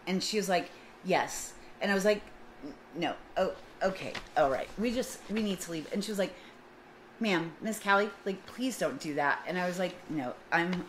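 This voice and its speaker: A middle-aged woman with a somewhat low voice tells a story in a casual vlog. She acts out each side of the exchange with lively turns. Faint noise hums behind her. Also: normal speed, rough recording. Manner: animated, acts out both sides of a dialogue. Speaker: vlogger.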